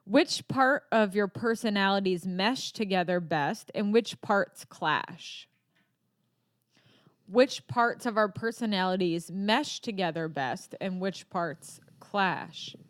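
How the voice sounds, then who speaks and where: A woman's voice: medium pitch, takes it slowly, no echo, studio quality. A woman in her thirties from New York hosting a podcast, chatting casually and laughing often. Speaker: podcast host. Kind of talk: casual chat.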